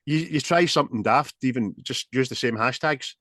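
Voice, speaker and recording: A Glaswegian man hosts a movie podcast, joking with his co-host in loose, sweary banter. His voice sits in a middle pitch and is recorded close and dry, with no room around it. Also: moderate pace, pushed and bright, dry recording. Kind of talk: casual chat.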